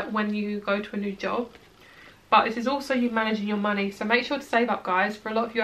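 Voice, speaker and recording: A woman's voice: medium pitch, a bit bright. A young woman giving a casual tarot reading to her viewers, chatty and reassuring, with plenty of "like" and "um" fillers. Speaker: tarot reader.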